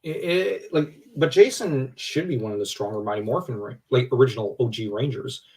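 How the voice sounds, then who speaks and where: Male livestream co-host, casual rambling fan talk, mid-pitched voice, sits back from the mic. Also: fairly quick. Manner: animated, rambling, many fillers and restarts. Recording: distant from the mic.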